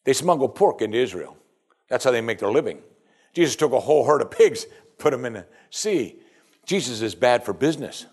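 A man's voice: medium pitch, sing-song, brisk, darkish tone. A man preaching a sermon, talking emphatically and asking rhetorical questions again and again.

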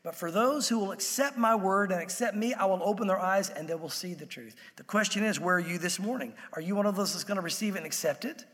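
A man with a high voice preaches a sermon as the pastor. His delivery stays conversational, and he acts out the voices he quotes. Long reverb from the church hall trails behind his words. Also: fast talker, few pauses, a bit bright.

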